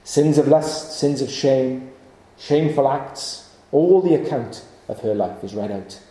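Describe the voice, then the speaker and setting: A male preacher delivers an evening sermon, pleading with his hearers through repeated rhetorical questions. His voice is very dark and mellow. The sound carries the ring of an echoey hall. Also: mid-range voice, expressive, measured pace. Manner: earnest, pleading rhetorical questions with many repetitions.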